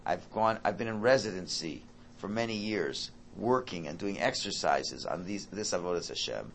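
A man giving an informal Torah talk, animated and acting out parent and child dialogue. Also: low voice, moderate pace, creaky, a little hiss or hum.

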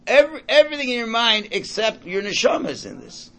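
A Torah teacher gives an informal, conversational class in an extremely high, pushed, bright voice with big pitch swings, talking fast. He repeats words as he thinks aloud and mixes in Hebrew and Yiddish terms.

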